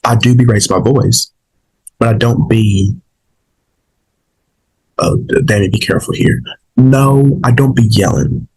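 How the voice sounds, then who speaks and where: A man's voice: lowish voice, lively intonation, measured pace, gravelly, long pauses, a little mellow, slightly rough, low-quality recording. A man, a little sick and saving his voice, talking casually to his viewers in a rambling way, with many fillers and restarts. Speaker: vlog host. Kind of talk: casual opinion talk to viewers.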